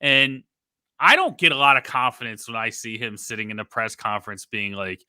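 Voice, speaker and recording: Bright, dry-voiced man talking sports. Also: medium pitch, fairly quick, clear, resonant tone, no echo. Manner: animated, mocking when quoting the coach. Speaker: podcast co-host. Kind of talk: casual sports talk.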